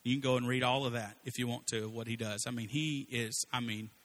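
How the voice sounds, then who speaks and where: A man's voice: medium pitch, brisk. A man preaching a sermon in a casual, conversational way, acting out quotes as he tells stories. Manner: conversational, animated storytelling with acted-out quotes.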